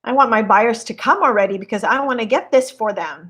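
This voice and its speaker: A woman's voice: a little high, brisk, fairly bright tone. A woman host on a casual live stream, walking viewers through a home listing in a chatty, admiring way and greeting viewers as she goes. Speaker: real estate agent hosting a live stream.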